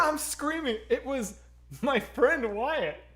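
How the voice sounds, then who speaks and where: A man co-hosting a streamed chat, telling a story in an excitable way and swearing often. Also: very high voice, takes it slowly. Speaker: stream co-host.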